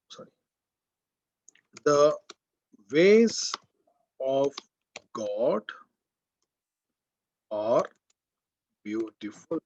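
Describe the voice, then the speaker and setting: A man with an Indian English accent giving a college grammar lecture, repeating key words and quizzing the class. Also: fairly high pitch. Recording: dull, muffled lo-fi sound.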